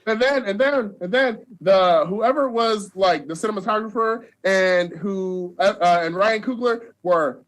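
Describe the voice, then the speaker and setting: A young man excitedly retelling a movie on a podcast, acting out the characters' lines and laughing often. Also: sits high, measured pace, few pauses. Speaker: podcast guest. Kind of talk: excited movie recap chat.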